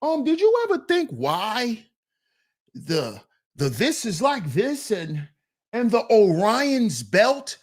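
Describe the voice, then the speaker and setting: Animated laughing man talking to the fellas. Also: extremely high pitch, slow. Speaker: online commentator reacting to clips. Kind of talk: casual reaction commentary.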